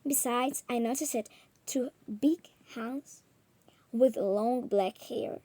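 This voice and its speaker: A woman reading a story aloud slowly and carefully. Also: on the high side, warm tone, no room sound. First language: Russian.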